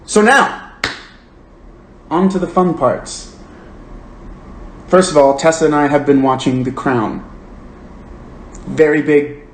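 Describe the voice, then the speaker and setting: Earnest rambling man, roomy phone sound. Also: medium pitch. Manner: rambling and earnest, heavy use of "like". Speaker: book club host. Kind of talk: casual livestream chat. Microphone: phone livestream. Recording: roomy with faint hiss.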